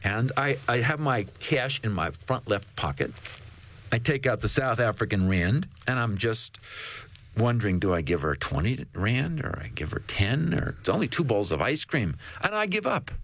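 A man, a guest author on a faith talk show, telling a story in an animated way. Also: medium pitch, moderate pace, dry recording.

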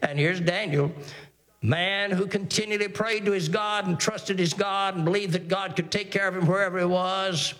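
A pastor with a high, fairly bright voice delivers an earnest sermon, stacking repeated phrases and stumbling into restarts. At times he reads old scripture aloud in formal language.

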